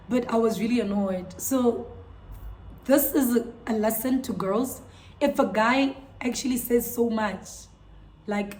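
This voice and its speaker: A young woman, telling a storytime vlog to her viewers in an animated, incredulous way. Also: on the high side, slight background noise. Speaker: vlogger. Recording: echoey room.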